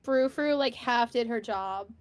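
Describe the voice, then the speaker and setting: A woman's voice: a little high, a little slow, clean tone. A woman chatting alongside a game playthrough with brief, chatty interjections. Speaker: sibling watching the playthrough. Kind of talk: casual chat.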